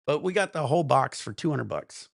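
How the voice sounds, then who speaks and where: A man's voice: a little high, expressive, brisk, vocal fry, no echo, studio quality. A man in his thirties hosting a casual livestream, telling rambling, profane stories and chatting with viewers. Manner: rambling, profane storytelling with frequent laughs. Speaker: cannabis stream host.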